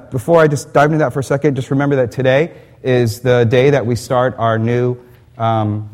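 A man pastor delivers a conversational sermon at a church service. He speaks at a middling pitch and keeps a chatty, self-deprecating tone, often restarting his sentences. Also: darkish tone.

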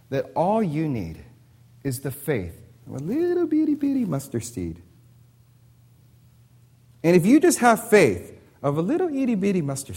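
Animated preacher with lively pitch. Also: male voice, slightly rough. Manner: animated storytelling with rhetorical questions. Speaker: pastor. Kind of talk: sermon.

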